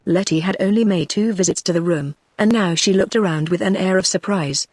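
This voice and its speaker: A text-to-speech woman's voice with a British English accent, reading a novel as scripted narration at an even pace. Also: on the low side, fairly quick, no echo. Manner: evenly paced synthetic reading. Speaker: audiobook narrator.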